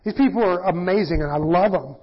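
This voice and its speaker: A middle-aged pastor teaching in a casual, self-deprecating sermon, often acting out quoted voices. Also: male voice, high-pitched, a little fast, breathy edge. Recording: dull lo-fi church audio.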